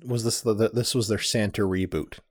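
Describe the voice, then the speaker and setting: A man co-hosting a casual podcast, chiming in with quick, joking remarks. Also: lowish voice, fairly even intonation, dry recording, studio quality. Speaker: podcast co-host.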